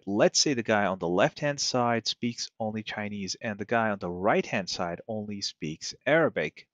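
A man's voice: fairly low pitch, a bit bright, no room sound, highs cut off. A man teaching a networking lesson in a conversational way, often asking rhetorical questions. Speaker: networking instructor. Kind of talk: screen-recorded tech lesson.

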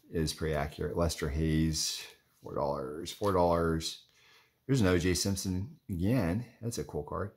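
Low male voice, young adult card collector, loose rambling off-the-cuff commentary. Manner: rambling and chatty, lots of "like" and "anyways". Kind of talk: casual running commentary while flipping through cards.

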